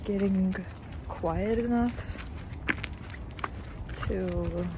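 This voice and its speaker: Soft-spoken young woman vlogging. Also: medium pitch, extremely slow, noisy background. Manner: soft, half-whispered musing; emotional, gushing. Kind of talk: casual vlog talk to camera. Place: outdoors on a winter hike.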